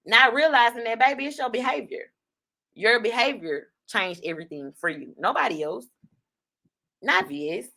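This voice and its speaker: A woman hosting an online talk show, giving blunt, profane commentary on online drama in a casual, fast-talking way. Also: a little high, animated, gravelly, bright, forceful tone. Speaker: online radio host.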